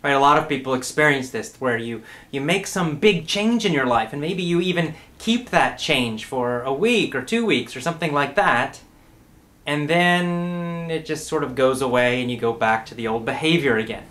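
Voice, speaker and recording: A middle-aged man giving a casual spoken lesson, talking in a relaxed way, repeating words and often checking in with "right?". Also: on the high side, moderate pace. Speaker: English teacher.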